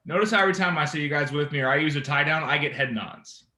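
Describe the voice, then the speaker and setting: Bright-voiced male sales trainer in an echoey room. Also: a little high, quick pace. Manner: animated, engaging, asks the room often. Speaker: real estate sales trainer. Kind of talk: sales training talk to a team.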